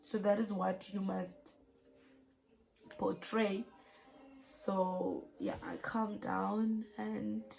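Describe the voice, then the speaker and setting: South african mum talking through what happened, emotional, lots of ums, bit of vocal fry. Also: female voice, medium pitch, level tone, drawn-out words, long pauses, darkish tone, low-quality recording. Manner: earnest, emotional retelling with many fillers. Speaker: mother sharing her story. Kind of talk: personal testimony vlog.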